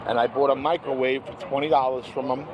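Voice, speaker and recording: An older man, ranting angrily in a monologue and clearing his throat often. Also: mid-range voice, steady tone, quick pace. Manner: angry, rambling, repeats "what happens is this". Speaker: vlogger. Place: outdoors by a street. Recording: outdoor street noise.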